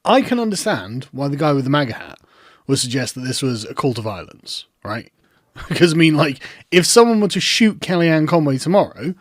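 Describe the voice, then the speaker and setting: A man's voice: fairly high pitch, sing-song, moderate pace, no echo. A man giving sarcastic commentary in a mocking, incredulous way, close to the mic. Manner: mocking, incredulous, breaks into laughter. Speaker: online commentator.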